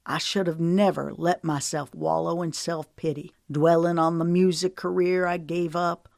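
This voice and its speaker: A woman's voice: lowish voice, little pitch movement, moderate pace, creaky, a little mellow, no room sound, clean studio sound. A woman doing an older drawling husband. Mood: remorseful. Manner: drawling, earnest. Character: older remorseful, teasing husband.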